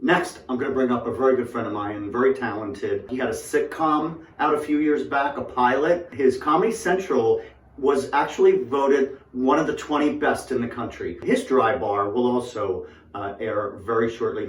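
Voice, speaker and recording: A man's voice: medium pitch, normal speed. A male host giving upbeat emcee introductions between comedians. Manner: upbeat, builds to a loud announcement. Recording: roomy, distant, with faint music.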